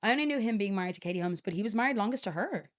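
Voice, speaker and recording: A woman's voice: mid-range voice, lively intonation, racing. Chatty young woman podcaster. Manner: chatty, swears freely, trails off mid-sentence. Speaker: podcast co-host. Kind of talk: casual chat.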